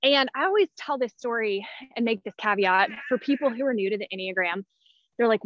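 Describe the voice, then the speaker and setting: This woman in her thirties speaks quickly in a mid-range, expressive voice, with no room sound. She's a personality-type teacher appearing as a podcast guest, out of breath and chatting casually with lots of fillers and restarts. The recording is dull, dry and lo-fi.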